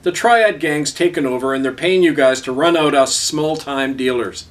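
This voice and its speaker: A man's voice: on the high side, moderate pace, natural voice. A man voicing an aged Cree street elder who speaks bluntly and matter-of-factly, heard from a distant mic.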